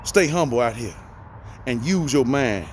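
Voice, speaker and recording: A man's voice: medium pitch, animated, measured pace, a little hiss or hum. A middle-aged man giving folksy, preachy life advice in a casual motivational talk, repeating phrases for emphasis, talking from inside a vehicle.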